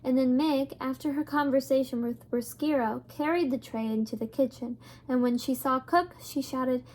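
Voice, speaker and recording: A woman reading a children's novel aloud in a gentle, measured storytelling voice. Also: high-pitched. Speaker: reader.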